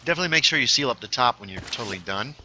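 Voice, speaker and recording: An easygoing man chats and jokes with a friend while streaming a game. His voice has a very bright, forward tone, and a faint hiss sits under the home microphone. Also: mid-range voice, expressive, very fast. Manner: easygoing, chatty, laughs often. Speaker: streamer playing Minecraft with a friend. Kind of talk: casual gameplay chat.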